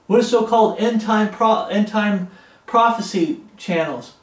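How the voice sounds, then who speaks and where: Man, preacher, high voice, emphatic, repetitive warnings, scripture reading, echoey room. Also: a little slow. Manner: emphatic, repeats warnings, reads scripture aloud. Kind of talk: expository Bible sermon.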